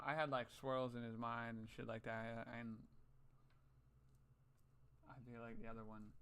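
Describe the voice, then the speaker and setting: Young male vlogger, gravelly, mid-pitched, rambling and profane, half muttering to himself. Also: fairly bright tone. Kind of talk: casual rambling monologue.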